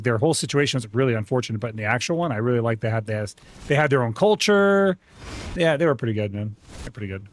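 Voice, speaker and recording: A man hosts a relaxed gaming stream, talking in a loose, rambling way full of restarts. His voice sits at an average pitch. A faint hiss runs under the recording. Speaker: streamer host. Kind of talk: casual gaming stream chat.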